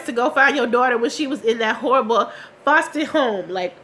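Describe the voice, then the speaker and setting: A young woman recapping a TV episode from her couch, chatty and slangy with quick asides. She sounds unwell, her voice a bit rough. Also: a little high, animated, a bit bright. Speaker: TV recap vlogger. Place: at home on a couch.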